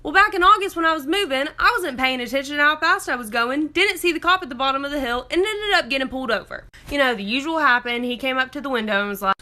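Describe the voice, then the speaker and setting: A woman's voice: sits high, quick pace, few pauses, pushed and bright. A woman student telling a casual storytime, blunt and self-mocking.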